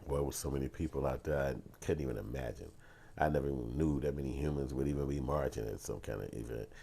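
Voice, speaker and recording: A man's voice: a bass voice, fast, creaky, warm tone, slight background noise. A man telling a personal story on his vlog, casual and profane, acting out heated arguments in other voices. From Chicago. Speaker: vlogger and filmmaker.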